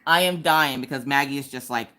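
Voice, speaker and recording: A woman in her thirties hosting a live crafting stream, telling stories in a lively, chatty, colloquial way. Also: rumbling low, brisk. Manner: animated, chatty storyteller, colloquial. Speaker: craft livestream host. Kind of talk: casual chat and storytelling. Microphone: streaming from home.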